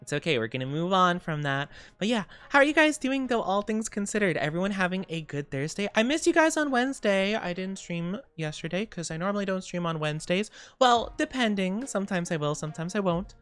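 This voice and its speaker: A young adult woman streamer, tired and low on sleep, chatting casually and greeting her chat. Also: big pitch swings, a little fast, few pauses, clear, resonant tone. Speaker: VTuber streamer.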